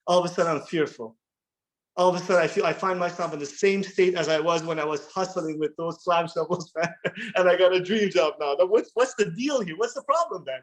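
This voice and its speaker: A man in his thirties sharing his recovery story at a workshop, earnest and halting, often repeating words as he restarts. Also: on the high side, fairly even intonation, rough recording. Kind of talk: personal recovery share.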